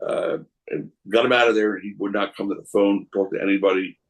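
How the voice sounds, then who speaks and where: Animated man spinning rambling stories. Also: on the low side, a little fast, rough recording. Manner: animated, acts out voices in his anecdotes; rambling, many restarts. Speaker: wrestling promoter guest. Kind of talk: casual storytelling.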